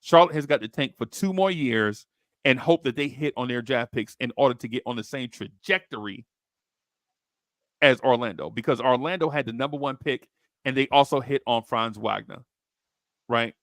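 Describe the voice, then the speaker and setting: A man hosting a basketball podcast, telling stories in slangy, excitable chat and jumping into high voices when he quotes people. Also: normal speed, dry recording, studio quality. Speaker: podcast host. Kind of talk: animated storytelling chat.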